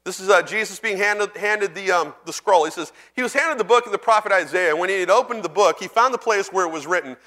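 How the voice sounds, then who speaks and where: Bright-voiced preacher talking with his congregation. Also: sits high. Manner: conversational, asks the congregation questions; reads scripture slowly and deliberately. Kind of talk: sermon.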